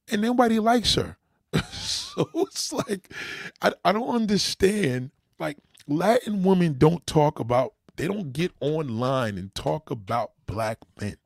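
A man's voice: on the high side, vocal fry, a little mellow, no echo, clean studio sound. A man with a New York accent hosting a livestream, talking emphatically and addressing his viewers directly. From New York City. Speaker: livestream host. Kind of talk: opinionated livestream rant.

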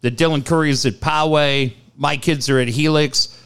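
A man in his forties hosting a talk radio show, telling blunt, animated stories with swearing and reading ads. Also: on the high side, moderate pace, clear, resonant tone. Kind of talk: casual sports talk and live ad reads.

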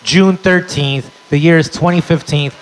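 A man performs stand-up on a live stage with a brash, punchy delivery and sudden crowd call-outs. His voice sits a bit high for a man. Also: normal speed, noisy background. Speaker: stand-up comedian. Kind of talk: stand-up comedy set.

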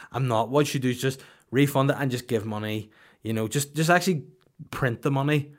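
A man's voice: mid-range voice, brisk. A man, telling rambling, profane comic stories as a podcast host in a mock-serious tone. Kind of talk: comedic storytelling.

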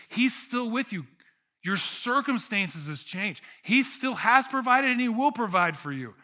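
Bright-voiced animated male preacher. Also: high-pitched. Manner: animated preaching, acts out grumbling sheep in a whiny voice. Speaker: pastor. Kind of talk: sermon. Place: church sanctuary.

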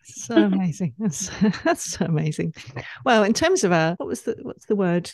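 A woman's voice: medium pitch, animated, moderate pace, a little mellow, dry recording. Brief: woman podcast host, effusive, laughs easily, on a remote call. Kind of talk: casual interview chat.

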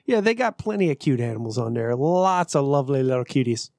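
A man's voice: medium pitch, animated, a little fast, a little mellow, dry recording, studio quality. A man co-hosting a podcast in loose, profane casual chat, laughing often. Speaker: podcast co-host.

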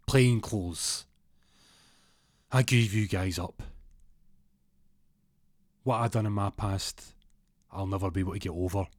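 Man playing a man, calm, defiant, measured, low voice. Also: dry recording, clean studio sound. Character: calm, defiant man who outwitted gangsters.

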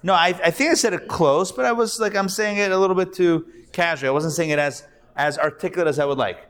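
Recorded live in a room, this Hebrew reading class is led by a male rabbi whose voice is on the high side, a bit bright and smooth. He talks fast yet patiently sounds out syllables and repeats them.

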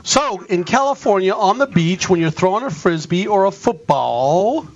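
A man's voice: high-pitched, lively intonation, moderate pace, lo-fi sound, music in the background. A man hosting a casual radio panel, rambling and chatty as he tells stories. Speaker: radio show host.

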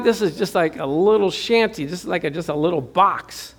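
A middle-aged man preaching a sermon as pastor, animated, with loud bursts and chuckling asides as he tells stories. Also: sits high, moderate pace, few pauses.

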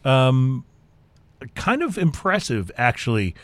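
Guy co-hosting a beer show, rambly, lots of uhs, mid pitch, dry studio sound. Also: big pitch swings, slow, fairly bright tone, no echo. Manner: rambling, self-deprecating, many fillers. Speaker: co-host of a beer talk show. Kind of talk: casual chat.

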